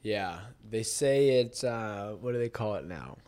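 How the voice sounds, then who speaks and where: A man with a fairly low voice hosts a casual podcast chat. He rambles from point to point, keeps saying "dude" and "I don't know," and laughs often. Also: animated, unhurried, a little mellow. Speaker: podcast host.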